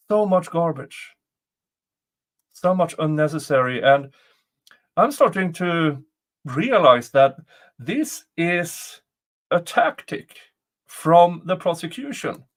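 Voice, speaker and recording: Guy doing a chill live commentary stream, kinda highish voice, slow and chuckly. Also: expressive. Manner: chuckles often, jokey asides. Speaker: livestream host commenting on a trial.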